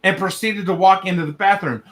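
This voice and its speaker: A young man with a high, light voice reads a story aloud on a livestream. He keeps laughing through it and cuts in with excited, profane reactions. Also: fairly quick. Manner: laughs through the reading, breaks off to react with swearing. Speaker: livestream host reading viewer stories. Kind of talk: casual livestream reading.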